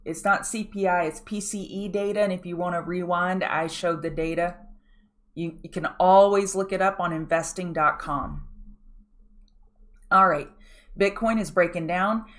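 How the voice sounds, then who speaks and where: On the low side and steady, her voice moves at normal speed with a bit of brightness. The woman hosting the pre-market show walks her audience through charts live, coaching them directly and often asking them to study the chart.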